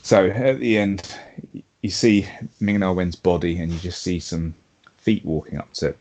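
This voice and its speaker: A man's voice: low voice, fairly even intonation, normal speed, darkish tone. A man co-hosting a fan podcast, recapping episodes in a rambling, casual way full of fillers. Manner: rambling, filler-heavy storytelling. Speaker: podcast co-host.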